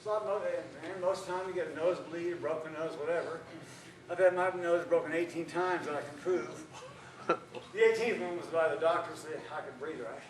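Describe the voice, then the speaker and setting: A man's voice: a little high, steady tone, brisk. A middle-aged man leading a martial arts self-defense seminar, teaching in a folksy, joking, plainspoken way. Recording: echoey hall, far from the mic, noisy.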